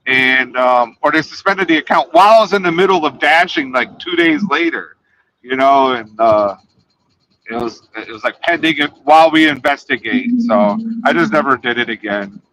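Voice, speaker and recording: A man chatting casually, rambling through a story, his voice fading quietly at the ends of his sentences. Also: mid-range voice, moderate pace, slight background noise, poor audio. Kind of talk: casual chat.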